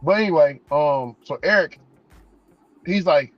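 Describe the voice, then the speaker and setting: A man's voice: fairly high pitch, moderate pace, no room sound, faint music behind. A man hosting a casual chat, telling stories with animation and acting out the voices of the people in them. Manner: storytelling, animated, acts out quoted voices. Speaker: podcast host. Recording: dull lo-fi recording.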